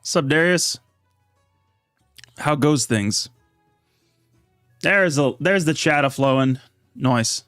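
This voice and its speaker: A man casually chatting on a live stream, reading chat aloud and answering questions in a relaxed, rambling way. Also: a little high, slow, pauses often, clear, resonant tone, no echo, studio quality, faint music behind. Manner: laid-back, reads chat aloud, rambling asides. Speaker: livestream host.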